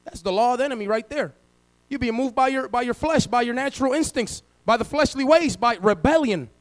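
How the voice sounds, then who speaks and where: A man preaching a sermon as pastor, swinging from loud to hushed and acting out quoted voices. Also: extremely high pitch, animated, fairly quick, rough recording.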